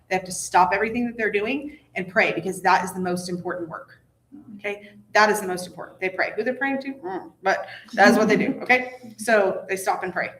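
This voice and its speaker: A woman hosting a casual Bible study chat, telling stories with lively asides. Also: medium pitch. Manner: chatty storytelling, animated asides. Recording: echoey room, faint noise.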